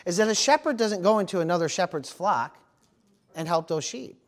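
A man pastor preaching a sermon, telling animated stories and calling out "amen" and "praise the Lord". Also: high voice, moderate pace. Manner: animated storytelling with amens and praise interjections.

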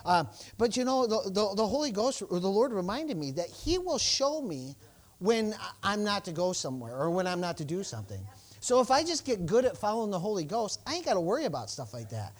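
A man's voice: high-pitched, big pitch swings, fairly quick. A male pastor preaching a sermon, telling a personal story and acting out the exchanges, with stammered restarts and bursts of praise. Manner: exclamations of praise.

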